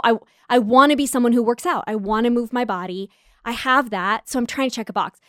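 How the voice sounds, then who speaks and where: Chatty, fairly high-voiced woman podcaster. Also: no echo, studio quality. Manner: candid, self-reflective, chatty with frequent asides. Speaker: podcast host. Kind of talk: casual solo podcast monologue.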